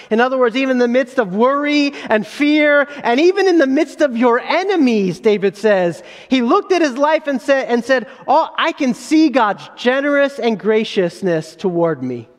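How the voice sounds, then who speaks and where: High-voiced man preaching in a reverberant hall. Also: expressive, normal speed, hardly any pauses. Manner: earnest preaching with rising emphasis and frequent restarts. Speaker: pastor. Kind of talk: sermon.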